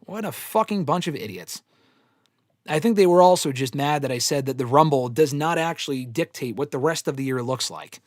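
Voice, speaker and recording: A man's voice: on the high side, a little fast, dry recording, studio quality. A man hosting a live fan Q&A, talking bluntly with plenty of swearing and rambling opinions. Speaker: host answering fan questions. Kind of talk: live casual Q&A stream.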